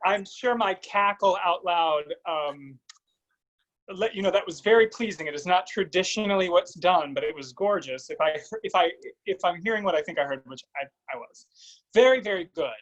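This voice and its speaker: A man's voice: high voice, moderate pace, a bit bright, dull audio. A man giving a singer vocal coaching feedback over a video call, singing short phrases to demonstrate.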